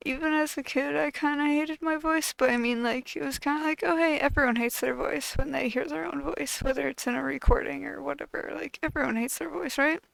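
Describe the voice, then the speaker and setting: A woman's voice: sits high, steady tone, a little fast, creaky, hardly any pauses, a bit bright, dry recording, low-quality recording. A woman channel host venting to camera in a frustrated, profane, bitter way.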